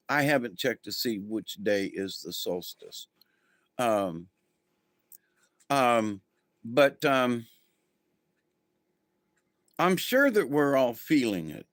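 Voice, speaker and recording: A man's voice: medium pitch, fairly bright tone, no echo. A man hosting a casual spiritual livestream, talking to viewers in a rambling, easygoing way with many ums and restarts. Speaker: spiritual channel host.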